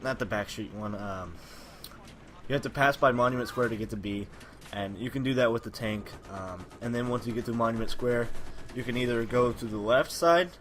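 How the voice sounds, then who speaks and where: A man giving casual gameplay commentary while he has a cold, his voice a little raspy, rambling with many fillers and corrections. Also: medium pitch, brisk, fairly bright tone, slight background noise. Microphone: personal microphone.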